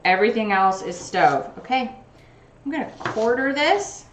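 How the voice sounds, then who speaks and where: Chopping in her home kitchen, a cooking streamer keeps up casual self-narration on her livestream in a slightly high voice at a moderate pace. The room is echoey, and there's noise in the background.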